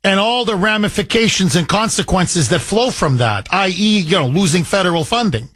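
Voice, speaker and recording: A man's voice: sits high, lively intonation, normal speed, a bit bright, breathy edge, dry recording. A male radio talk show host, arguing his point with passion and acting out imagined conversations on a call-in show. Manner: impassioned, argumentative, acts out imagined dialogues.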